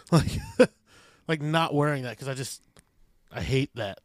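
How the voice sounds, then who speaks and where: A man of middle pitch tells rowdy work stories. He is animated and profane, slipping in quick asides as he goes. His voice is recorded dry and close. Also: no room sound. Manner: animated, profane, laughing storyteller. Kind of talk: casual podcast storytelling.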